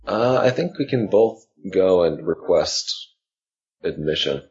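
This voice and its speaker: A man's voice: low-pitched, expressive, slow pace, a little mellow. A man playing a tabletop game, speaking politely and a bit formally with hesitations. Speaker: player. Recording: dull lo-fi mic.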